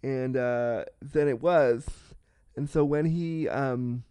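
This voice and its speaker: A podcast host tells a candid personal story, frank and self-deprecating, swearing freely and acting out the people in it. His medium-pitched voice is slow, dark, clear and resonant, recorded with no room sound.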